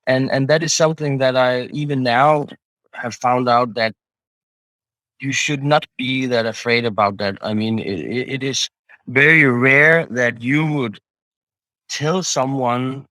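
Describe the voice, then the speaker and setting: Man, founder type, interview guest; hesitant, lots of restarts, dry close sound, mid pitch. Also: steady tone, measured pace, pushed and bright, no echo, poor audio. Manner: hesitant, many restarts and fillers. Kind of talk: casual interview talk.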